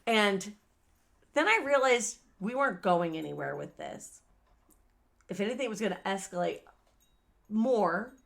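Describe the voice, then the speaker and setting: A woman co-hosting a podcast, telling a story in casual chat, animated and swearing, acting out quoted lines loudly. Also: medium pitch, a little slow, gravelly, pauses often. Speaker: podcast co-host.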